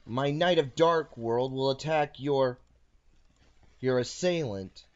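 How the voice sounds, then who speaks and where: Playing cards in a relaxed session he's hosting, a man narrates every move with playful commentary. He speaks slowly in a medium pitch, and the audio is dull.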